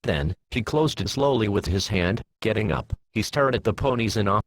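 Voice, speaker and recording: A man reading a fan story aloud, giving the characters lowered voices. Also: lively intonation, moderate pace, vocal fry, a little hiss or hum, rough recording. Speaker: fan fiction reader.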